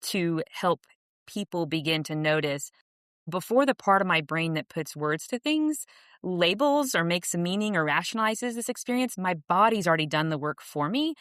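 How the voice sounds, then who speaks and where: A woman's voice: lowish voice, animated, moderate pace, a bit bright, no echo, clean studio sound. Earnest, reflective woman on a podcast. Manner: earnest and reflective, many restarts, laughs easily. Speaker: podcast guest, author and coach. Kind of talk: casual interview conversation.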